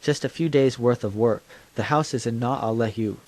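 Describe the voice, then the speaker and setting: A man's voice: medium pitch, normal speed, a little mellow, dry recording. Man reading announcements plainly. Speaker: radio host.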